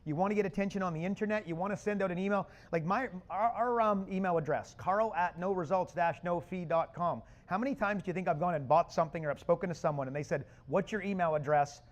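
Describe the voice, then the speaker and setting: A man presenting a live business seminar to an audience, loud, punchy and casual with slang. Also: high-pitched, fast talker, hardly any pauses. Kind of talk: energetic live seminar talk. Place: conference room with an audience.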